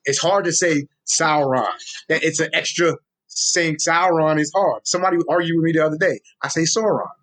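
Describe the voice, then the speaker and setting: Speaking briskly in a slightly high, somewhat raised voice, a young New York-accented Tolkien explainer from social media chats in a casual interview. He's lively and street-casual, repeating words and restarting as he explains, relaxed and keen to teach.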